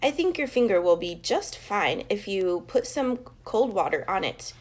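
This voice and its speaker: A woman voicing a calm, patient schoolteacher in a storybook, gentle but firm. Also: medium pitch, moderate pace.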